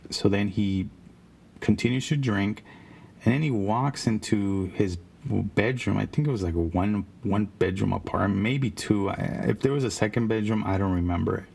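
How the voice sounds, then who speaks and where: A man's voice: on the low side, normal speed, vocal fry, a little mellow. A man casually telling a rambling, profane story about his days as a car salesman. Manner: rambling, profane, with frequent restarts.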